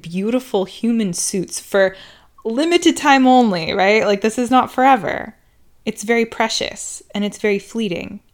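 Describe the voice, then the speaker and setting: Heartfelt woman hosting a podcast. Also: mid-range voice. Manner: heartfelt, open, emotional. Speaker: podcast host. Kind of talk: candid relationship podcast talk.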